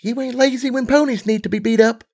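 A man voicing a young filly pony, earnest and blunt, with a high girlish voice and folksy slang in a storybook reading. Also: fairly even intonation, fast talker, a little mellow.

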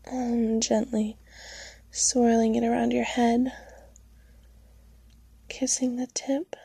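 Woman, whispered role-play, very slow, breathy, intimate murmuring. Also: fairly high pitch, level tone, mellow, no room sound.

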